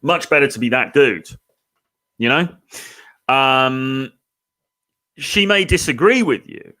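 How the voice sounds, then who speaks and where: A man coaching on dating in a relaxed, chatty way, full of "you know" and "okay?" asides. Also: mid-range voice, slow pace. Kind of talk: casual advice talk to camera.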